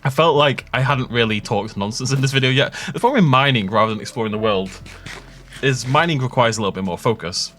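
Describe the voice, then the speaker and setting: A man's voice: mid-range voice, quick pace, a bit bright. A young man rambling and joking as he plays, self-mocking and chatty. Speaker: gaming YouTuber. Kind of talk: rambling gameplay commentary.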